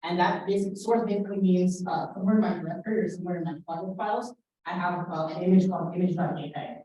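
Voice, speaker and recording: Young woman instructor, halting delivery full of fillers, warm tone, recorded from a distance in a lecture room. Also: fairly low pitch, slight background noise. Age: young adult. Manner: hesitant, many fillers and restarts. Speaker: workshop instructor. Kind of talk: casual classroom lecture. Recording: roomy echo, voice from afar.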